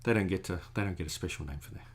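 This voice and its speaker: Speaking very fast in a deep, slightly rough voice, a middle-aged man rambles as he draws. He's a chatty, digressive artist who frequently makes self-deprecating jokes.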